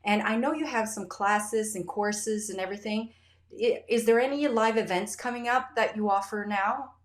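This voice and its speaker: A woman hosting a podcast interview, talking in an effusive, animated way in casual chat. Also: medium pitch, moderate pace. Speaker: podcast host. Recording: roomy echo.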